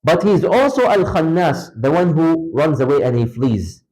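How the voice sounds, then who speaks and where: A man teaching a religious lecture to a class in a mosque, talking to listeners directly and telling lively examples with big swings in his voice. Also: normal speed, rough recording. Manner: animated, emphatic storytelling with wide pitch swings; conversational, addresses listeners directly. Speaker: Islamic lecturer. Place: mosque lecture hall, indoors.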